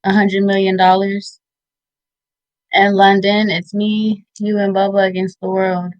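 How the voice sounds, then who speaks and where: A woman in her thirties giving tearful, heartfelt shout-outs in an interview, halting with many fillers. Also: mid-range voice, little pitch movement, dry recording, highs cut off. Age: 30s. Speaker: interview guest.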